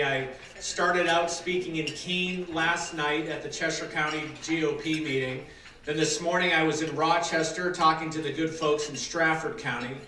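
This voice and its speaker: A man from Massachusetts giving a rousing campaign speech at a dinner, building to loud applause lines. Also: on the high side. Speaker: political candidate giving a speech. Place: large dinner hall with an audience. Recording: echoey banquet hall, distant mic, crowd noise.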